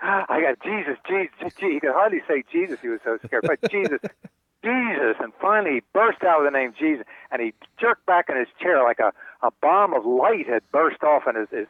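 An older man tells his stories with relish, slipping into high voices for the people he quotes. The sound is thin and phone-like, and the room is dry. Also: no room sound. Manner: animated storyteller acting out quoted voices. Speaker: author and guest. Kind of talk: storytelling interview answers. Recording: tinny phone line, dry.

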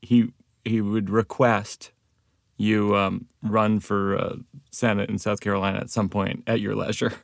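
A man's voice: on the low side, gravelly, no room sound, clean studio sound. A man in casual chat who laughs easily and tells comic stories. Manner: lively, quick to laugh, tells comic bits. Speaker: comedian guest.

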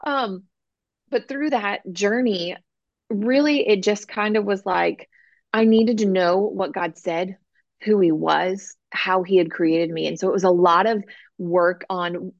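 A woman guest, an author and coach, telling her faith story in an earnest, animated way on a podcast interview. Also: mid-range voice, unhurried, vocal fry, no room sound, lo-fi sound.

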